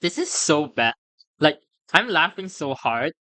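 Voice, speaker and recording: A streamer reacting on a live stream in a casual, excitable way, laughing often, swearing freely and stammering through restarts. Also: mid-range voice, measured pace, no room sound. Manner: stammers and restarts when flustered.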